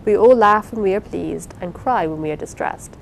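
An impulsive young wife pours out apologies and pleas in a bright, eager rush, as a woman reads her part aloud. Her voice sits in an ordinary middle range. A faint rumble runs under the audiobook recording. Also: normal speed, vocal fry, close to an everyday voice, rough recording. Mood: earnest. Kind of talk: audiobook character reading.

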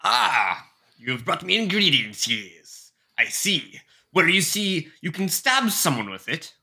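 A shrewd gnome alchemist with a pirate accent haggles over his wares, as a man puts him on. His voice is bright and sharp, and it swings widely in pitch. He drags out his sales pitch in a sly, wheedling drawl. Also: sing-song, slow, creaky, exaggerated voice. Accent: put-on pirate accent. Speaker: shopkeeper character.

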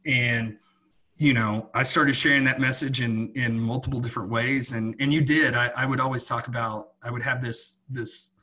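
Speaking at normal speed with fairly even intonation, this podcast co-host has a mid-range voice with a bright, forceful tone. In casual conversation he comes across as earnest and reflective, restarting his sentences a lot.

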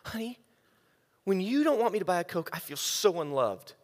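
A gentle wife speaks softly and sweetly, as a man puts her on. The voice sits high and rings out in a large hall with a long reverb. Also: sing-song, normal speed. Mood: hurt. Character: gentle adult wife asking sweetly for help.

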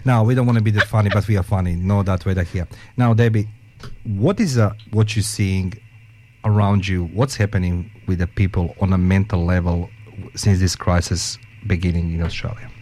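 A male radio host chatting casually with studio guests, joking around and interrupting with halting restarts. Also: sits low, steady tone, a little mellow, a little hiss or hum.

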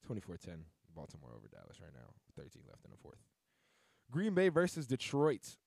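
A man's voice: medium pitch, huge pitch swings, brisk, creaky, darkish tone, no echo. A man hosting a sports podcast, talking loosely and casually with lots of fillers and restarts. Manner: loose, rambling, filler-heavy delivery with self-corrections. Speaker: podcast host.

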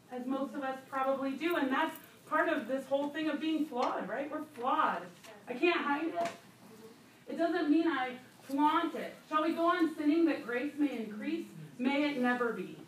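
A woman's voice: high-pitched, a little slow, echoey room, a little hiss or hum. A woman teaching a Bible study to other women, talking conversationally with laughing asides and emphatic repetition, recorded from a distant mic in a church room. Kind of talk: sermon teaching.

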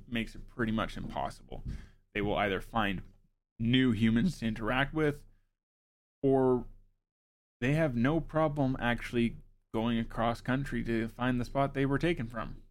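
A man hosting a streamed show, reading facts from his notes at a medium pitch. He breaks off into dry, joking asides before going back to the material, speaking close to his mic. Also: a little hiss or hum. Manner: wry, joking asides between read facts. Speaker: show host.

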